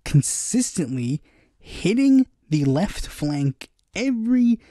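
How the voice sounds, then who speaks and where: A young man hosting a casual political commentary show, sarcastic and animated, talking with lots of fillers. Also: high-pitched, slow pace, dry recording. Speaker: political podcast host.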